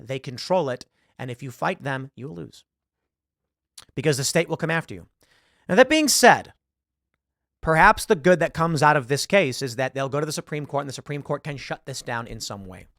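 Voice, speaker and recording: Lively, fairly high-voiced male host, casual commentary monologue, dry studio sound. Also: no room sound. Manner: animated storytelling, acts out quoted voices.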